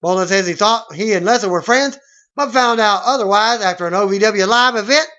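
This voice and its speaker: A man's voice: sits high, fairly quick, pushed and bright. A man reading out wrestling news items, sometimes stumbling over names. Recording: dull lo-fi recording.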